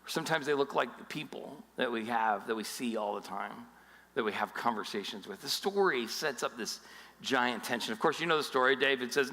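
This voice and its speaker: A male pastor giving a sermon in an animated storytelling style with jokes along the way. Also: mid-range voice, fairly quick, gravelly, big-room sound.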